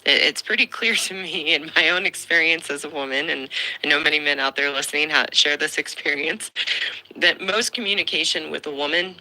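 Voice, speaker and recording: A woman's voice: sits low, brisk, bright, forceful tone, low-quality recording. A woman giving relationship advice in an earnest, explanatory lecturing tone.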